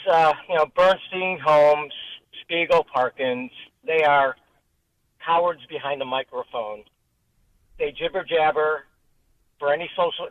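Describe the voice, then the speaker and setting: A male caller with a fairly high voice who heaps on complaints in an agitated way. He comes through a tinny, narrow phone line. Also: no echo. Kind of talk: call-in comment.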